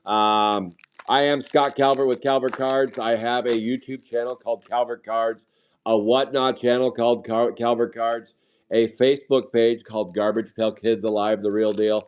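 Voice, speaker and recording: A man's voice: mid-range voice, steady tone, normal speed, slight background noise. A man chatting casually while opening trading card packs on a live stream, drifting into rambling side stories. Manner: rambling, sidetracked anecdotes.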